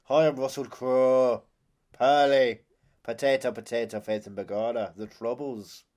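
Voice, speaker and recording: A man's voice: fairly high pitch, animated. A man doing a hammy boastful movie-villain impression. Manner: loud, slow, overblown delivery.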